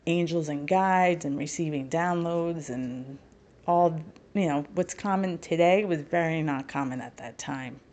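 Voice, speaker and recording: Here a spiritual healer, a middle-aged woman guesting on a podcast, shares something personal in a low, slightly mellow voice at a measured pace. Her telling is candid and wry, laced with humor at her own expense.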